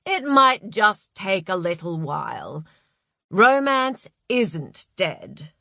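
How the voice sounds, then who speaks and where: Flustered, gushing male agent, read by a woman; lively pitch, dry close sound. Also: vocal fry, dry recording, exaggerated voice. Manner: gushing, hurried, self-reproaching.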